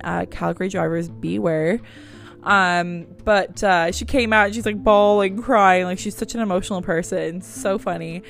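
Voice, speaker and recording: A young woman rambles through podcast updates in a casual, chatty way, her voice low-set with a gravelly fry at the ends of phrases. A little music sits faintly underneath. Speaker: podcast host. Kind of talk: casual chat. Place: at home.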